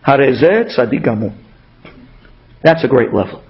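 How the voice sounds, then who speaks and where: A man's voice: mid-range voice, moderate pace, pauses often. A man giving a storytelling sermon, acting out the dialogue of the people in his stories. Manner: animated, acts out dialogue in stories. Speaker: speaker giving a Torah talk. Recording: dull lo-fi radio recording.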